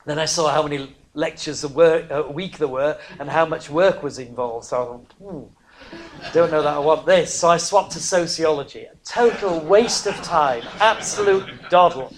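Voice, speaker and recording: A preacher, giving a sermon that swings from hushed near-whispers to loud, emphatic cries, broken by chatty, self-mocking asides. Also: medium pitch, normal speed, slight background noise. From northern England.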